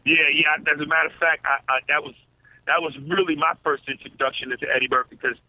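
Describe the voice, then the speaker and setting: A man, a comedian, calling into a radio interview, relaxed and talking in frequent restarts. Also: a little high, quick pace, no room sound. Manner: relaxed, stammers and restarts often. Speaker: comedian guest. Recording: tinny phone line.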